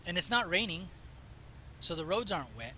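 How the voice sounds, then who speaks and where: Chatty bright-voiced man rambling while driving. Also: high-pitched, very animated, normal speed, a little hiss or hum, poor audio. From Southwest United States. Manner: chatty, meandering, self-interrupting. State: slightly hoarse. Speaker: gaming video host. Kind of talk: casual rambling commentary while playing.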